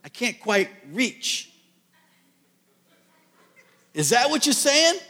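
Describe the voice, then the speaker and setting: An exasperated, sarcastic God asks pointed questions, as a pastor puts him on. The voice climbs high and swings a lot. The words ring in a long hall reverb. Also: male voice, very animated, drawn-out words, pushed and bright, full character voice. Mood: incredulous. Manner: mock-incredulous, sarcastic questioning. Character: exasperated all-powerful God, older male.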